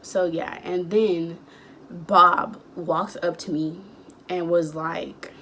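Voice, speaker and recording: A young woman in her late teens chatting casually, rambling through a storytime and acting out the dialogue with sudden high outbursts. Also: level tone, slow pace, a bit bright, slight background noise. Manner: acts out quoted dialogue. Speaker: vlogger.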